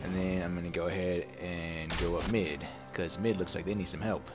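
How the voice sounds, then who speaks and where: A man giving live commentary while playing a video game, excitable and playful, trash-talking his opponents. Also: deep voice, normal speed. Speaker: gamer. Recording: game music loud under the voice. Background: game music.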